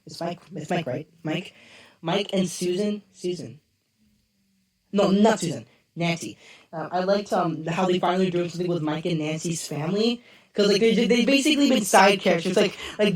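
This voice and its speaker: A hoarse-voiced man rambling excitedly through a casual review. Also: high-pitched. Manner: rambling and excitable, loses track of names. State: hoarse, strained voice. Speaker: show reviewer. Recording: roomy, distant mic.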